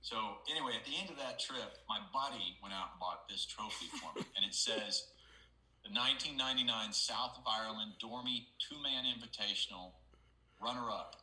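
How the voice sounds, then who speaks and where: A middle-aged man with a low, very bright voice, spinning a lively anecdote for an interviewer. He slips into other people's voices to act out the story. The room around him rings with a noticeable echo. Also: normal speed. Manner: animated storyteller, acts out quoted voices. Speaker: guest, golf analyst. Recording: roomy echo.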